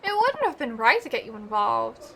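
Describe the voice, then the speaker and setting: A woman reading the lines of an earnest, hardworking young woman, soft and apologetic. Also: a little high, very animated, normal speed, gravelly, slight background noise, heavily acted.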